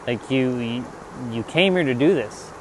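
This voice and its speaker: A man in a casual spiritual monologue, animated and swearing, talking back to God in mock dialogue. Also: mid-range voice, a little slow, background noise. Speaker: spiritual vlogger.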